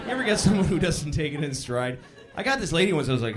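A man performing a stand-up set on a live stage, talking conversationally with incredulous asides and sudden loud outbursts. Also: on the high side, big pitch swings, fast talker, some chatter behind. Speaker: stand-up comedian.

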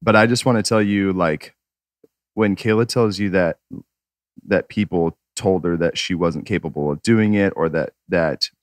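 Man, deep low voice, co-host, halting and moved, dry close mic. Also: no echo. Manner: earnest, halting, supportive. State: holding back tears. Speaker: podcast co-host, husband. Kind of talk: casual podcast talk.

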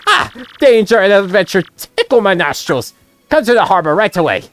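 A woman's voice: medium pitch, very animated, brisk, dry recording, lightly acted. A woman voicing a pompous, greedy rich male merchant with theatrical fake-Italian phrasing, over faint game music. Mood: triumphant. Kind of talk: voicing game dialogue aloud.

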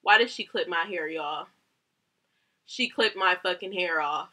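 A young woman, a hairstylist, telling a heated story about a bad salon visit, animated and swearing often. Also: on the low side, unhurried. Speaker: hairstylist vlogger. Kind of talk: casual storytime rant.

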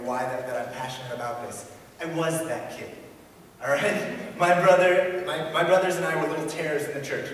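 A man preaching a sermon as pastor, earnest and emphatic, repeating key phrases and swinging between loud and hushed delivery. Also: a little high. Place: church sanctuary. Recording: echoey church hall from far off, faint room noise.

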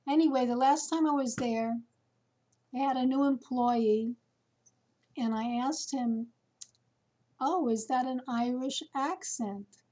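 A woman chatting casually to her viewers, telling a story slowly with many fillers. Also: high voice, mellow. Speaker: vlogger. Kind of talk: casual chat to camera.

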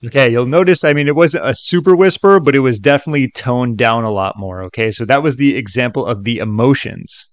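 A man's voice: medium pitch, fairly quick, few pauses, dry recording. A man hosting a casual tutorial, talking loosely with lots of "like" and "okay" as he tests sample clips. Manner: loose and chatty, many fillers like "like" and "okay". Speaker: tutorial host. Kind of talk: casual screen-recorded tutorial.

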